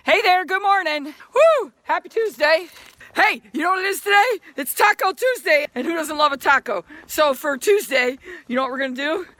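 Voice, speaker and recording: A woman's voice: very high-pitched, lively intonation, moderate pace, pushed and bright, no room sound. A woman telling corny jokes on a radio segment, goofy and laughing at her own punchlines. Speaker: joke teller on a radio segment. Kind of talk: bouncy joke segment.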